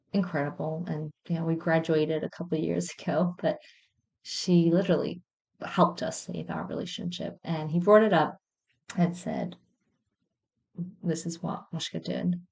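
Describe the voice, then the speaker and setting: A woman's voice: low-pitched, creaky. A woman in her thirties, host of a podcast, candidly telling a personal story in a reflective monologue. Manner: candid, reflective, with soft self-mocking laughs.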